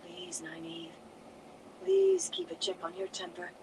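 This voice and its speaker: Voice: mid-range voice, big pitch swings, unhurried, distant mic. A reader playing an earnest young woman in an audiobook, anxious and pleading. Her voice rises and falls widely. A vehicle hum and noise run under the reading.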